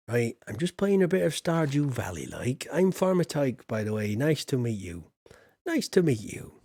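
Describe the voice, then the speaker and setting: A Yorkshire man streams a farming game and banters with his chat in a loose, joking way. His voice is gravelly with a husky, rough edge. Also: medium pitch, a little mellow, dry recording. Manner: chatty, jokey, banters with chat, slips into put-on voices.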